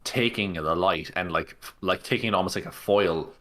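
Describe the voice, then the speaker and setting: A man with a low but bright, forceful voice chats on a podcast. He talks loosely and pads his sentences with fillers. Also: normal speed. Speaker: podcast co-host. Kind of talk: casual chat.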